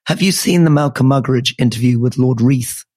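Scottish male co-host, croaky and husky, measured storyteller, mid pitch, casual podcast chat. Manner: measured storyteller, drops soft for anecdotes. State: hoarse, croaky voice.

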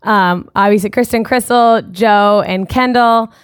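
A woman's voice: medium pitch, unhurried, clean tone, no room sound, clean studio sound. A woman co-hosting a podcast, chatting casually through a show recap with lots of fillers and quoted asides. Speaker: podcast co-host.

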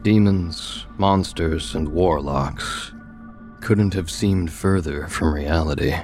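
A male storyteller with an extremely deep, low voice, reading a first-person tale in a steady, measured way. Soft music plays faintly underneath. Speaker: narrator. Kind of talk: scripted story narration.

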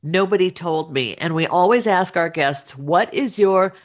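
A woman's voice: fairly low pitch, lively intonation, measured pace. A woman hosting a podcast, inviting her guest to share the lesson she learned the hard way. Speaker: podcast host. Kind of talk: interview questions.

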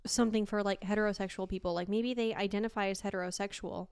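A woman's voice: medium pitch, steady tone, quick pace, a little mellow, smooth, no room sound, clean studio sound. A young woman from Argentina co-hosting a podcast, chatting casually, laughing often and swearing freely as she tells stories. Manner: giggly, storytelling, swears casually. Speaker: podcast co-host. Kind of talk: casual chat.

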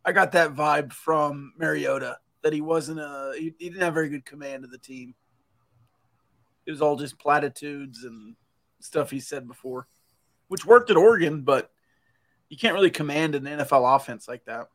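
A man's voice: on the high side, moderate pace, a bit bright. A man co-hosting a podcast, adding brief, easygoing asides to a casual sports conversation. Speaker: podcast co-host.

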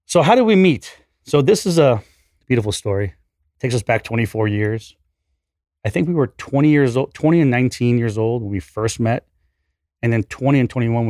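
A man in his forties, a podcast guest, telling a story in an animated, profane, self-deprecating way. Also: mid-range voice, dry recording, studio quality. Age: 40s. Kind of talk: casual storytelling.

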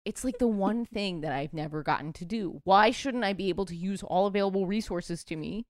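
A woman co-hosting a podcast in casual chat, joking and teasing with quick interjections. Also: medium pitch, no room sound, studio quality. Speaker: podcast co-host.

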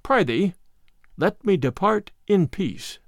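A man doing a soft-spoken gentle young stranger. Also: sits high, expressive, slow, creaky, no echo, studio quality, full character voice. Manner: soft, gentle, mildly mocking.

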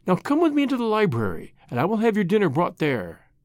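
A man voicing a devoted mother who speaks softly and gently, pleading and tender. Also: high voice, wildly swooping pitch, fast, dry recording, clean studio sound, pitched above the performer's own voice. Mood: gentle.

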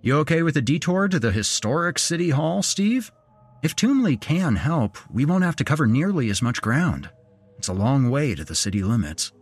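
Brief: steady take-charge leader in a horror audio story, reassuring, husky, lively pitch, read by a man. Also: moderate pace, heavily acted. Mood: determined.

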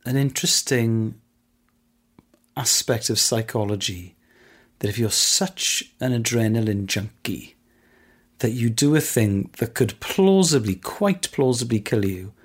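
A man's voice: mid-range voice, expressive, a little slow, slightly rough. A man co-hosting a podcast, telling stories in a casual, enthusiastic way and laughing often. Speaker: podcast co-host. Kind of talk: casual chat.

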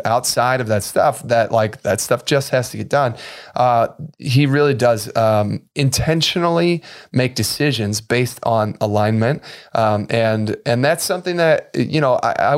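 A man co-hosting a podcast, rambling through his points with lots of restarts and animated emphasis. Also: mid-range voice. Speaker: podcast co-host. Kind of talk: casual podcast chat.

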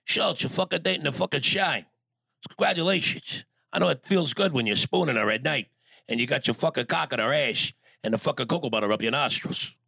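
A man doing an impression of a gruff middle-aged Italian-American mobster, crude and swaggering. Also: medium pitch, fairly quick, sharp tone, no echo, voice pushed up.

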